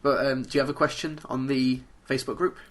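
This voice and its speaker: Over a remote call, an English podcast co-host reads out listener questions in casual chat, dry and teasing. He talks fast in a steady, mid-range voice.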